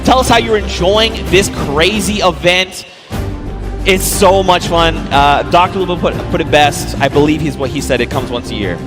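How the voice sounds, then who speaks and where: High-voiced excitable male esports caster. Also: over music. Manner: excitable, fast play-by-play. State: straining his voice. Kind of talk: live game commentary. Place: large arena.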